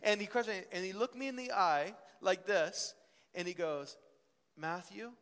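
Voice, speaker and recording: A young man teaching at a ministry school, telling stories in an animated preaching style. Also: high voice, normal speed. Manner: animated storytelling, voice rising and falling with emotion. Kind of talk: sermon. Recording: long hall reverb.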